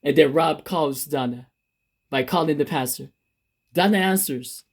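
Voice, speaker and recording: A man's voice: on the high side, a little slow. A man casually retelling a made-up love story, rambling with restarts.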